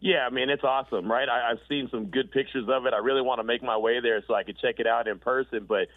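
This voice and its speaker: Fast-talking man on a tinny phone line. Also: no echo. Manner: animated, quick, pitch jumps when excited. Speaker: regular guest commentator. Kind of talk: casual sports talk.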